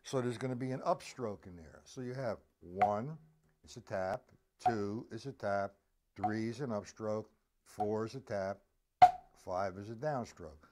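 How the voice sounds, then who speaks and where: A man's voice: on the low side, a little slow, heavy background noise. A man teaching a drum lesson on a live stream, patiently explaining rudiments and counting the beats aloud.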